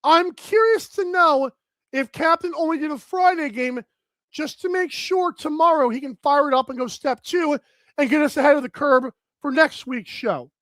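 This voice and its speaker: A man hosting a live sports betting talk show, energetic and outspoken as he runs through his picks. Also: very high voice, normal speed, no echo. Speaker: host.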